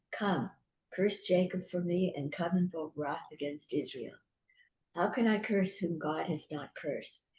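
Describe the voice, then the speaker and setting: A class participant reading scripture aloud softly and slowly. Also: mid-range voice, poor audio.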